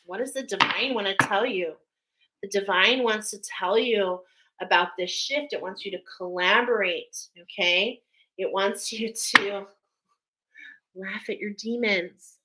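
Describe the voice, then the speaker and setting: A woman leads a spiritual card reading for her viewers at an unhurried, drawn-out pace. She wanders through her thoughts with many fillers and checks in often with the listener. Her talk turns open and emotional as she goes. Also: medium pitch, very noisy.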